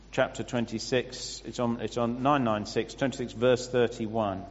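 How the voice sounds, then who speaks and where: A man preaching a sermon, explaining scripture with pauses and restarts. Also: fairly low pitch. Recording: muffled sound with long hall reverb.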